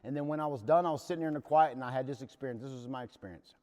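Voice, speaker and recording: A man's voice: mid-range voice, rapid-fire, a little mellow. A man leading a recovery workshop, telling his own story in a plain-spoken, earnest way. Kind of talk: candid personal talk to a recovery group. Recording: long hall reverb.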